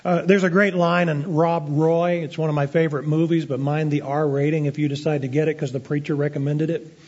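A man preaching a sermon as pastor, earnest and deliberate, slowing down to stress key phrases. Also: fairly high pitch, level tone, a little mellow. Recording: dull lo-fi sermon recording.

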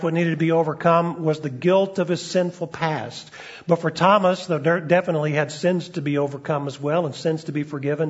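Conversational pastor preaching, fairly high voice. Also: male voice, slightly rough. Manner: conversational, with frequent fillers and restarts. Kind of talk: sermon. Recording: dull lo-fi recording.

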